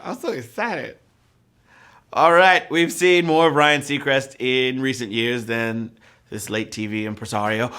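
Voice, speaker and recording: A man's voice: medium pitch, pushed and bright. A man hosting a live trivia show, reading questions with playful rhyming quips and jokes. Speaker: trivia game show host.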